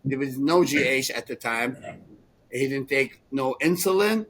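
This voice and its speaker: A man in his sixties telling rambling, animated stories as a podcast co-host, laughing often. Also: mid-range voice, a little slow, slight background noise, low-quality recording. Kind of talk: casual storytelling chat.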